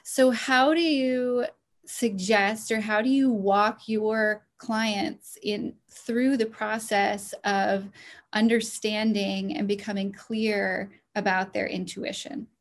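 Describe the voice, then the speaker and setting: Woman podcast host; calm, thoughtful interviewer, unhurried pace. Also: medium pitch. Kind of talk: interviewing a guest.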